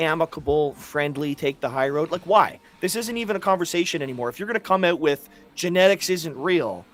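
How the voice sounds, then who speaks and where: A man's voice: a little high, lively intonation, brisk, fairly bright tone. A man co-hosting a live stream in casual talk, emphatic and profane, stumbling over repeated words.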